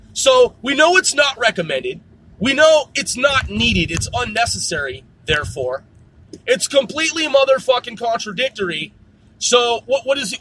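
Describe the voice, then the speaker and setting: A man's voice: sits high, sharp tone, slight background noise. A man hosting his own show in a rambling, casual monologue, swearing constantly. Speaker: podcast host.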